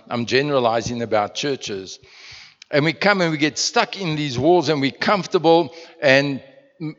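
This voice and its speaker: A man's voice: medium pitch, a bit bright. Pastor, a South African man, conversational sermon with rhetorical questions, dull and echoey hall sound. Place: church. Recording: muffled sound in a reverberant church hall.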